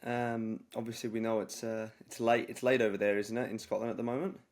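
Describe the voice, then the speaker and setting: A man's voice: fairly low pitch, little pitch movement, a little fast, a little mellow. A man hosting a casual football podcast, friendly and full of hesitations and fillers. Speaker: podcast host.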